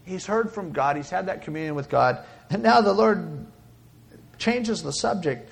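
A man preaching a sermon, dramatic, swinging between loud exclaiming and hushed whispering. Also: sits high, animated, a little slow, creaky.

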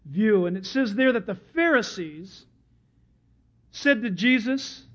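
A man preaching a sermon as pastor, animated and storytelling, slipping into other people's voices. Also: sits high, slow. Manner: animated storyteller who acts out crowd voices. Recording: dull lo-fi sermon recording.

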